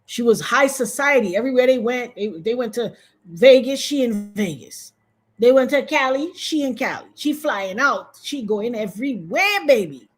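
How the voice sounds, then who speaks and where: A woman from Trinidad, a guest on a video-call interview, telling a story in an animated way and acting out the voices of other people. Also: moderate pace, breathy edge. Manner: animated, acts out quoted voices with big pitch jumps.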